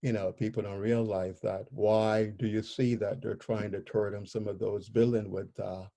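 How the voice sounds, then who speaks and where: Low, mellow-voiced man telling his story. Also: flat delivery, vocal fry. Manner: halting, searching for words, many fillers. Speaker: interview guest. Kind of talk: personal storytelling in an interview.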